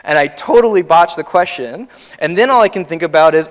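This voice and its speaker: A slightly high, animated voice belongs to this keynote speaker in his thirties, who talks briskly. He shares personal stories conversationally in a large hall with long reverb.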